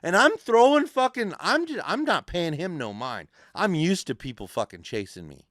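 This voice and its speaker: A man hosting a podcast, telling a story in animated, profane, casual talk and acting out the voices of people in it. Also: sits high, normal speed, no echo, clean studio sound. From California. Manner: animated, swears constantly, acts out voices in his stories. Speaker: podcast host. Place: podcast studio.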